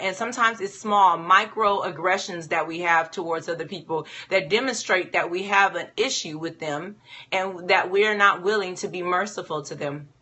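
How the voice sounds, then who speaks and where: A woman giving a devotional Bible teaching talk in an animated way, full of rhetorical questions. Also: fairly low pitch.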